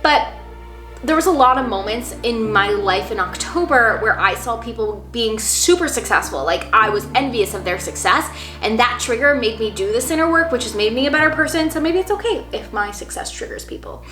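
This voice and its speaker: Bright, chatty young woman vlogger. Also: a little high, expressive, fairly quick, faint music behind. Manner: chatty, earnest, lots of "like". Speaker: manifestation vlogger. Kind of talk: casual talk to camera. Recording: echoey room.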